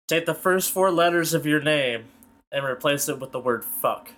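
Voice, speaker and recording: A man's voice: a little high, a little slow, fairly bright tone. A man co-hosting a podcast in casual chat, teasing and joking. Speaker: podcast co-host.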